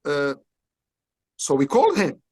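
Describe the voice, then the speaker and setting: A man in his sixties from Belgium, speaking English with a French accent, animatedly telling a story in halting English and acting out what people said. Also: a little high, wildly swooping pitch, darkish tone, slightly rough. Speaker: interview guest, actor. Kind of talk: storytelling interview.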